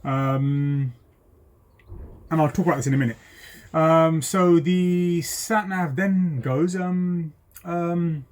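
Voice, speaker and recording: A man, a driving instructor telling a story in a lively way, full of ums and acted-out voices. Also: a little high, takes it slowly. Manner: animated, acts out voices, many ums. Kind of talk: casual storytelling.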